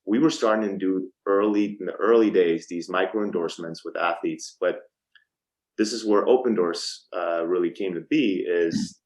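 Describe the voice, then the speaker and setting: A low-pitched man in his thirties speaks as a podcast guest in an easygoing, conversational way. He tells his story by acting out the voices in the phone calls he describes. His delivery is loose, with frequent ums and restarts. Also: normal speed, poor audio. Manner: lively storyteller who acts out quoted phone calls. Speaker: podcast guest, startup co-founder. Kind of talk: casual storytelling interview.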